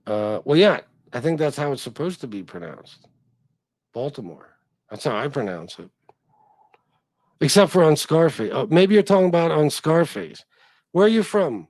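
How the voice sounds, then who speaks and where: A man's voice: mid-range voice, normal speed, no echo. A man hosting a casual livestream, reading comments and telling rambling, profane stories. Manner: profane, rambling, animated reactions. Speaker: livestream host.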